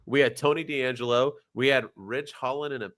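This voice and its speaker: This is a man co-hosting a laid-back podcast, with a voice that sits in a typical middle register. He talks with lots of energy and tosses question after question at his partner in casual chat. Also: mid-range voice. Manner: animated, throws rapid questions at his co-host. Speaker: podcast co-host.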